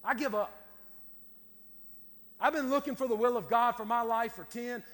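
A man preaches a sermon in a folksy, storytelling way, full of country turns of phrase. His voice sits high for a man. It rings with the long reverb of a church sanctuary. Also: fairly even intonation, fairly quick, fairly bright tone. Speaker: pastor.

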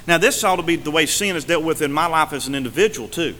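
A male pastor preaching a sermon from the pulpit, swinging between emphatic and hushed delivery. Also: on the high side, quick pace, hardly any pauses, long reverb tail, a little hiss or hum. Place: church sanctuary.

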